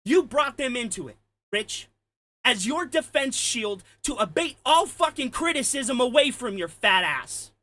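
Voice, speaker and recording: A man delivering an angry, profane ranting commentary, heated and shouting at times. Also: very high voice, big pitch swings, measured pace, no room sound. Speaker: commentary streamer.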